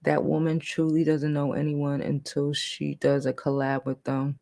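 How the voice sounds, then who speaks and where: A woman with a deep, low voice chats casually to her livestream viewers. She talks bluntly, swears freely and reads their comments aloud in a softened tone. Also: completely flat delivery, moderate pace, creaky. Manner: putting on a lower, softer new voice. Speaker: livestream host.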